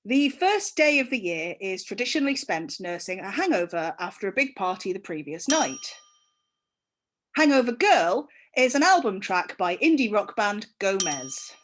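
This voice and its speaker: Lively deadpan comedienne. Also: female voice, mid-range voice, normal speed, slight background noise. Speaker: comedian guest. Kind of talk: casual comedy banter and read-out answer.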